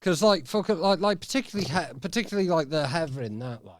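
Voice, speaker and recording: Male podcast host, casual, rambling, sweary, somewhat high-pitched, dry close studio sound. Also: lively intonation, fast, dry recording. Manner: rambling and sweary, full of fillers. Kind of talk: casual chat.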